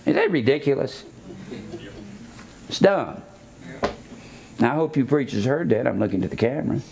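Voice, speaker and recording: A man's voice: mid-range voice, lively intonation, moderate pace, creaky, crowd noise. An older man preaching a sermon, blunt and scornful, stopping to teach grammar like a schoolteacher. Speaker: pastor.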